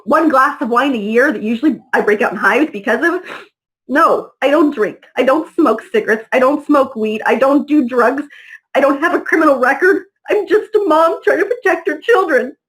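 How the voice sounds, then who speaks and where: A high-pitched woman recounts a personal story as an interview guest. She tells it with feeling and acts out the lines of the people in it. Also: normal speed, a bit bright, rough recording. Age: adult mother. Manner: vivid, acts out dialogue in her retelling.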